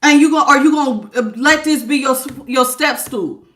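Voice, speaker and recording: A woman's voice: high-pitched, normal speed, sharp tone, roomy sound. A woman giving a live tarot reading, scolding her listeners with blunt tough love in slangy casual talk and calling them baby. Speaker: tarot reader.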